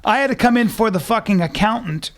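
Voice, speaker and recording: This is a man with a high, gravelly voice, hosting a casual podcast chat. He tells animated stories and drops swear words without a second thought. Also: quick pace, slight background noise. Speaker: podcast host.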